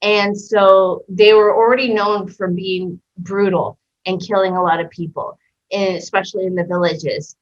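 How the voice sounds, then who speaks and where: A woman from Canada tells a story in a relaxed interview, lively and blunt, slipping into the voices of people she quotes. Her voice sits at a middle pitch. The sound is dull and lo-fi. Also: normal speed. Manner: animated, acts out voices in quotes, swears freely. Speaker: interview guest. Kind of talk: casual storytelling.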